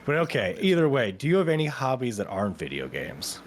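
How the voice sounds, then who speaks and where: A man co-hosting a casual podcast, laid-back and quick to laugh as he tells anecdotes. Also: medium pitch, wildly swooping pitch. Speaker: co-host.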